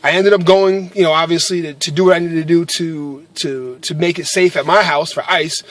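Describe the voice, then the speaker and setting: Speaking briskly with fairly even intonation, a vlogger whose male voice is a little high and somewhat bright shares a personal faith story to camera. He chats casually and earnestly, leaning on fillers and frequent tag questions like "right?"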